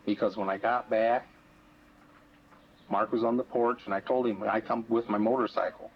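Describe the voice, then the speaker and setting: A man's voice: fairly low pitch, steady tone, normal speed, slightly rough. Defensive man under questioning, dull recording. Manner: defensive, wry, evasive. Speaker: suspect being questioned. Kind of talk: police interview. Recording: dull archival footage with faint noise.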